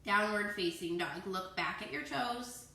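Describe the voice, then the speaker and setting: Bright, playful woman leading kids' yoga. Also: medium pitch, a little slow. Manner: encouraging, playful, cueing poses and breaths. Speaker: kids yoga teacher. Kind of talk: guiding a children's yoga class. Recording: echoey room.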